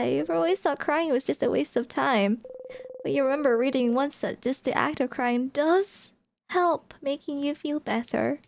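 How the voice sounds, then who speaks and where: A woman's voice: high voice, a little slow, creaky. A woman streamer reading game text aloud and reacting expressively, exclaiming and laughing between passages.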